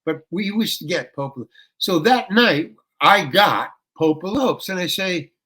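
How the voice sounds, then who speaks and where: An older man, a guest actor telling a rambling story in an interview, with restarts that break into animated ranting. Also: sits high, unhurried, slightly rough.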